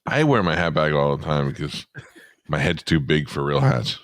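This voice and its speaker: A man's voice: rumbling low, moderate pace, dry recording, clean studio sound. A man co-hosting a casual comedy podcast, bossy and teasing as he coaches his partner. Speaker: podcast co-host.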